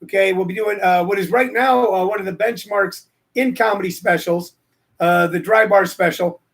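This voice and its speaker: A man's voice: sits high, normal speed. A man in his sixties hosting a casual livestream show, a comedian who rambles and jokes between plugs and stories. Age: 60s. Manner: rambling, joking, digressive. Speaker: show host and stand-up comedian.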